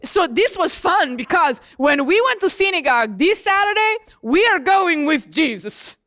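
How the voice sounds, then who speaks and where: A woman storyteller plays the apostle John in character, recounting his days with Jesus in the first person and asking the listeners questions directly. Her very high-pitched voice is sing-song and a bit bright, heavily acted, at a moderate pace.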